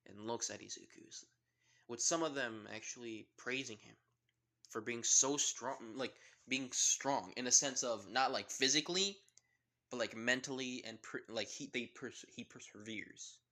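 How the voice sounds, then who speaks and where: Casual male storyteller, rambling, bright clear tone. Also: mid-range voice, measured pace. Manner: rambling, many fillers. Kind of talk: casual fan-story narration.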